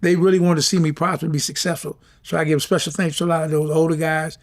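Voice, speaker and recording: A middle-aged man talks quickly and earnestly in a casual interview. His voice is gravelly and sits a little high for a man. He circles back over his words as he goes. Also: little pitch movement. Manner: heartfelt, drawn-out, repeats himself. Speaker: former boxing champion, guest.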